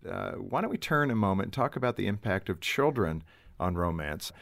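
A man's voice: deep voice, big pitch swings, fairly quick, creaky, a bit bright. A man hosting an interview, steering the talk with short questions and summaries. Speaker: host.

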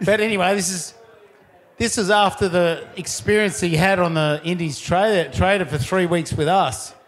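A man chatting casually as a guest, halting and restarting often. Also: high voice. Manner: halting, starts over often, laughs. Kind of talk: casual chat.

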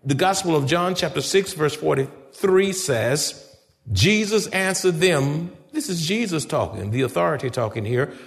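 A pastor with a fairly high, expressive voice and some vocal fry preaches a little slowly in a church sanctuary, his words echoing through the hall. He speaks emphatically, firing rhetorical questions at the congregation and addressing them directly.

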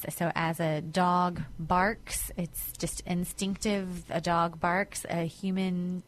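A woman co-hosting a Bible talk show, conversational and quick to affirm. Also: fairly low pitch, level tone, slight background noise. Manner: frequent affirming murmurs, conversational. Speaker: co-host. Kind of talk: unscripted Bible discussion.

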